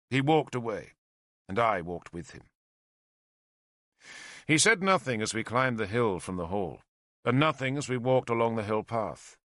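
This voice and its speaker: A male audiobook narrator telling a historical tale in the first person. His voice sits low but sounds bright and crisp, with lively rises and falls. The recording is dry and close. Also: dry recording. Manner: lyrical, expressive storytelling.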